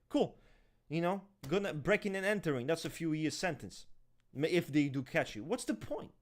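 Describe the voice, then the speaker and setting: A man in casual podcast talk, ranting and swearing heavily in an animated way. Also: a little high, moderate pace. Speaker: podcast co-host. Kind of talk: heated casual discussion.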